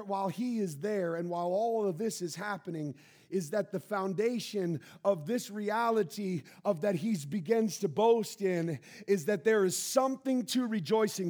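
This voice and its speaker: A man preaching a sermon as pastor of his church, building to shouted emphasis. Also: sits high. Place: church sanctuary.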